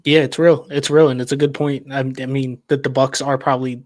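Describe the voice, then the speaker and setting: An easygoing man chats sports on a podcast in a middle-pitched voice. He often restarts his sentences. The recording is close and dry. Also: flat delivery, a little fast, no echo. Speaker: podcast co-host. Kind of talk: casual sports podcast chat.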